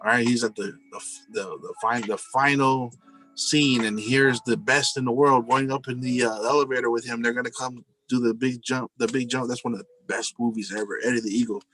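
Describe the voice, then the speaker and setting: A man talks straight to his listeners in a loose, earnest monologue, circling back with plenty of "you know"s and calling them "guys". His voice sits at an ordinary middle pitch. Faint music plays quietly underneath. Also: fairly even intonation, fairly quick, low-quality recording. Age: adult, married with a family. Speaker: speaker telling personal stories. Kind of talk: casual spoken monologue.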